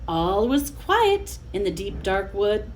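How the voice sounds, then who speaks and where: Slow, sing-song woman reading a storybook. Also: medium pitch, big pitch swings, a little hiss or hum. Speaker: teacher reading aloud. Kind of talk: children's storybook read-aloud.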